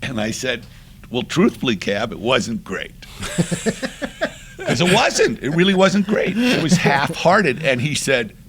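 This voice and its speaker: An older man, a podcast guest, telling anecdotes in a lively way and acting out the voices of the people he quotes. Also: mid-range voice, takes it slowly, a little hiss or hum. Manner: lively, acts out quoted voices, breaks into laughs. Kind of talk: anecdotal storytelling.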